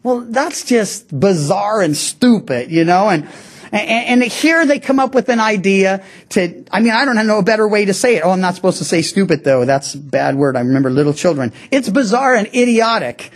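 A man's voice: high-pitched, moderate pace. A middle-aged male pastor giving a conversational sermon, acting out the quotes he tells. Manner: conversational, animated, acts out quotes.

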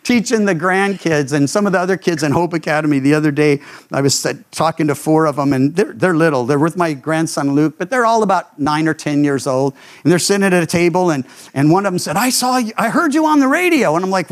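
An older man, a pastor, preaching a radio sermon and telling stories, jumping into higher voices when he quotes people. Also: quick pace. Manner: animated storyteller, voices quotes with leaps in pitch.

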